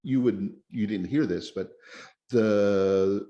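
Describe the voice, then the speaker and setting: A man chatting casually as a podcast host, rambling and excitable with many restarts. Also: fairly low pitch, slow pace, lo-fi sound, slight background noise. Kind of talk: casual chat. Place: lives in Japan.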